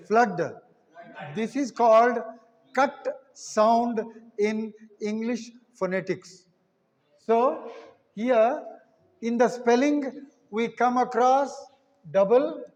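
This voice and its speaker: A man teaching English pronunciation, deliberately sounding out example words one at a time. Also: very high-pitched, darkish tone, in a large hall. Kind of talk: spoken English lesson.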